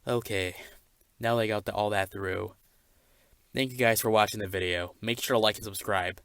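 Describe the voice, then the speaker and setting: A man's voice: lowish voice, fairly even intonation, gravelly, a bit bright, no echo, clean studio sound. A young man as a smug anime reviewer. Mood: ranting. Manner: smug, rambling, halting. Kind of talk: comedy skit.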